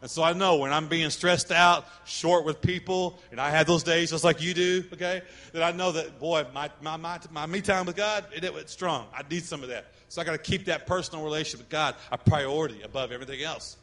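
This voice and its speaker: Middle-aged male pastor, high voice, lively preaching delivery, long church-hall reverb. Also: fairly quick, hardly any pauses. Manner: animated, acts out quoted voices. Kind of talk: sermon.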